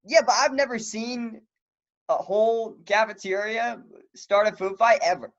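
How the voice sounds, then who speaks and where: A man's voice: high-pitched, fairly even intonation, unhurried, a bit bright, highs cut off. A man co-hosting a podcast, chatting casually with lots of fillers and laughs. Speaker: podcast co-host. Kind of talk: casual chat.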